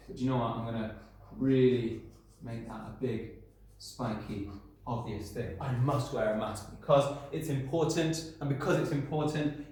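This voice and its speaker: A male primary school teacher gives a recorded lesson to young children. He is friendly and encouraging, talks them through each step as he works and checks in with them often. His medium-pitched voice rings around a very echoey room.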